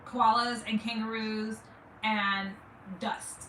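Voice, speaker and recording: A woman's voice: a little high, level tone, takes it slowly, sharp tone. A woman in her forties from Saint Louis, co-hosting a watch party in rambling, giggly casual chat. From Saint Louis, USA. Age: 40s. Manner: giggly, rambling, self-interrupting. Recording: roomy, distant mic, noisy.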